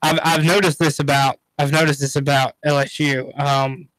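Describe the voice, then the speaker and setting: A man on sports talk radio with a bright, fairly high voice, chatting loosely about football. He talks fast and laughs a lot. The sound is dry and close. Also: little pitch movement, dry recording, poor audio. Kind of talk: casual sports chat.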